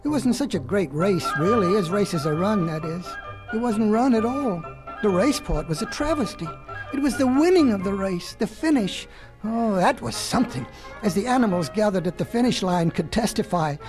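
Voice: mid-range voice, animated, normal speed, music in the background. A storyteller reading a children's animal tale in a folksy way, with chatty asides to the listener.

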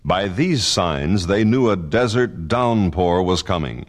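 A man narrating a frontier tale in a steady, vivid storytelling voice. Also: low voice, slow pace.

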